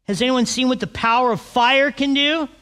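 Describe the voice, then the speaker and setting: A man preaching a sermon, animated and asking his congregation questions. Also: extremely high pitch, normal speed, in a large hall. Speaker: pastor.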